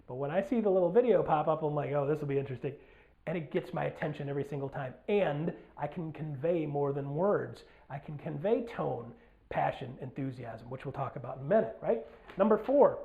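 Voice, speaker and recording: An energetic man giving a motivational business talk to camera. He punches out points loudly, then drops to quiet asides. The sound is thin and tinny, like a phone line. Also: high-pitched. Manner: energetic, emphatic, swings between loud bursts and quiet asides. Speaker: real estate business executive.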